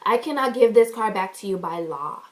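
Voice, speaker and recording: A woman's voice: mid-range voice, expressive, normal speed, pitched below the performer's own voice, lightly acted, poor audio. A woman quoting a curt bank teller. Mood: officious. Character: curt female bank teller citing policy.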